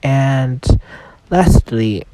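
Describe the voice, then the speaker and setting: A man's voice: medium pitch, expressive, drawn-out words, mellow, low-quality recording. A man hosting a solo self-help podcast with a cold, talking casually, swearing freely and sometimes dropping into a whisper. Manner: casual, swears often, loose and chatty. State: has a cold, voice rough. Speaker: podcast host.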